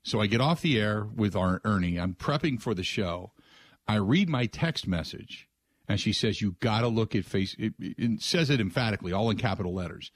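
A middle-aged man with a fairly low voice hosts a talk radio show from a studio. He rambles through the story casually and restarts often. His voice sounds close and dry, with no room around it. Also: moderate pace, husky, no echo. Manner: rambling, restarts, animated when quoting others.

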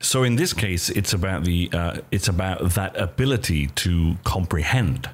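A man's voice: deep voice, animated, normal speed. A man asking short, probing questions in a conversation about technology. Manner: brief, probing questions with backchannel murmurs. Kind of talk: interview questions.

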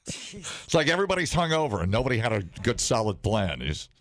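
A man co-hosting a podcast, chatting casually in a rambling, halting, self-mocking way. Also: medium pitch, very animated, a bit bright. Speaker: podcast co-host. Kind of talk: casual chat.

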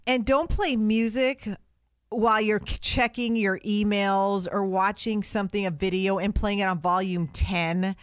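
A woman's voice: medium pitch, steady tone, unhurried, clear, resonant tone, dry recording, clean studio sound. A middle-aged woman co-hosting a casual chat with her husband, laid-back and laughing often. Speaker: podcast co-host.

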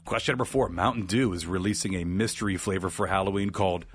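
A man co-hosting a radio morning show, reading out trivia questions in an animated, joking way. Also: low-pitched. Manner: animated, reads questions briskly and jokes between them. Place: radio studio. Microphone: studio mic.

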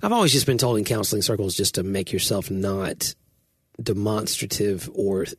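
A man talking casually in measured remarks, sharing what he has been told in counseling circles. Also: fairly low pitch, expressive, husky, no echo, clean studio sound. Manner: brief agreeing interjections, measured remarks about counseling. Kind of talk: casual conversation.

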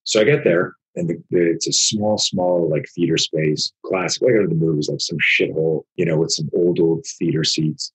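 A man, a martial arts instructor in his fifties or older, telling a story in casual conversation, animated and profane, acting out what people said. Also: sits low, normal speed, few pauses, breathy edge, rough recording. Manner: animated, profane, acts out quotes.

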